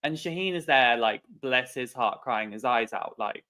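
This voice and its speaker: Halting man on a podcast. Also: mid-range voice, lively intonation, bright, forceful tone. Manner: halting, trips over words. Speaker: podcast co-host. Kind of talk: casual chat.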